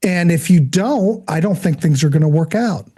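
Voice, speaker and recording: A woman's voice: fairly low pitch, animated, moderate pace, mellow, breathy edge. A woman co-hosting a casual music interview, supportive and sometimes searching for words. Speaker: co-host, interviewer.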